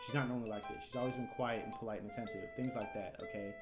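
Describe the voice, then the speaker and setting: A man's voice: on the low side, steady tone, rapid-fire, reverberant, natural voice. A man reading out the lines of a blunt, prickly teenage girl from the club, plainly and matter-of-factly. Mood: worried. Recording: game music behind.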